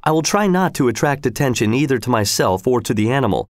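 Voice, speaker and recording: A man narrating a story aloud in a steady, measured reading manner. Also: mid-range voice, no echo, clean studio sound. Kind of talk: scripted audiobook narration.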